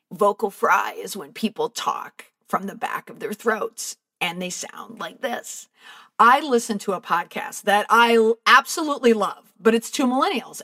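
A middle-aged woman talks straight to her listeners as a podcast host and speaking coach. Her pitch is typical for a woman, and she gives firm advice while putting questions to her audience. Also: bright, forceful tone. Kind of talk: instructive podcast monologue.

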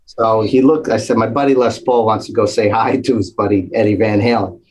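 Husky-voiced man telling a lively anecdote. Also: lowish voice, brisk, low-quality recording. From New Jersey. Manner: animated storyteller acting out quoted voices. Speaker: guest storyteller.

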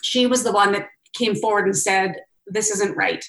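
A woman's voice: medium pitch, moderate pace, echoey room, poor audio. A middle-aged woman guest telling a personal story in an interview, acting out what she and others said. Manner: animated, quotes herself and others in lively asides.

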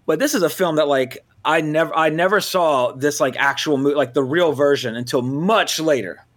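A man's voice: fairly high pitch, normal speed, a bit bright. Man, podcast host, casual rambling chat, lots of uh and restarts. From Louisiana. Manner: rambling, filler-heavy, self-correcting.

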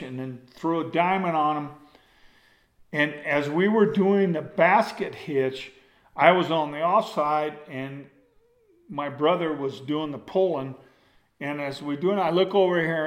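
An older man tells a rambling, folksy story to a gathered audience, acting it out with his hands. His voice sits a little high for a man. It rings with a noticeable room echo. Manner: folksy, rambling, acts out with gestures.

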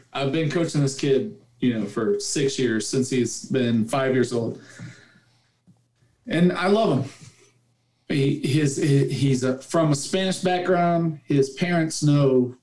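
A man's voice: mid-range voice, slow pace, darkish tone. A man who coaches youth football, chatting on a podcast panel and telling a story with heartfelt emphasis. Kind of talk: casual roundtable chat.

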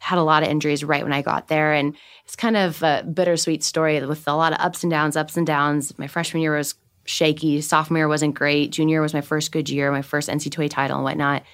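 Fast-talking, lively woman telling a story. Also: low voice, clear, resonant tone. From United States. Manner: animated, laughs often, acts out quotes of herself and others. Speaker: guest, Olympic swimmer. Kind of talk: podcast interview storytelling.

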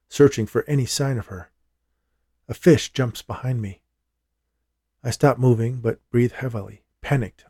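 A man giving a steady, measured first-person thriller narration as an audiobook reader. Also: mid-range voice, slightly rough, no echo, studio quality.

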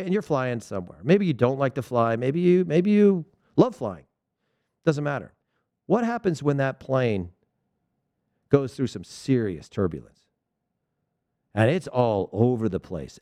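A man, a former player, giving a casual opinion monologue about soccer, animated, often repeating words and telling stories. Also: mid-range voice, dry recording, clean studio sound. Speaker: soccer commentator.

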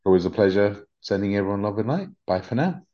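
A middle-aged British man with a very deep voice hosts a spiritual podcast, speaking gently and earnestly with frequent fillers and self-restarts. The recording sounds slightly dull and muffled. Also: big pitch swings, fast. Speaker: podcast host. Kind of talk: casual spiritual podcast talk.

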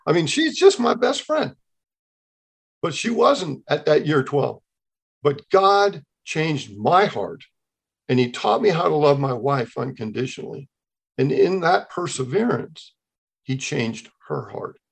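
Gravelly older man telling his story. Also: a little high, unhurried. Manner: animated storytelling, acting out quoted dialogue. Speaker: podcast guest. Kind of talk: telling a personal testimony.

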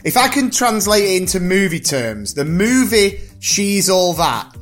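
A man in his thirties with a high voice, hosting with a playful, teasing energy and often laughing mid-sentence. Faint music sits under the talk. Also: very animated, measured pace, fairly bright tone. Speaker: podcast host. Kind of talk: casual chat.

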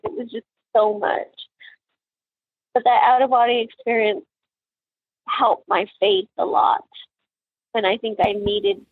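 A woman's voice: on the high side, slightly rough, no echo. Emotional mother on a tinny line. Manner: halting, many fillers and restarts. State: tearful, emotional. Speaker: mother of a crime victim. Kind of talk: emotional personal testimony.

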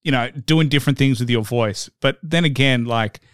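Relaxed man, smooth dry voice. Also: mid-range voice, moderate pace, no room sound. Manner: relaxed, conversational, lots of "like". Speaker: podcast host. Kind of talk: casual interview chat.

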